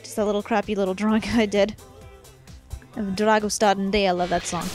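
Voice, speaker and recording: A woman's voice: medium pitch, flat delivery, fairly quick, darkish tone, faint music behind. A young woman gives a rambling, casual commentary on her own fan-made series. She is chatty, often exasperated and laughs a lot.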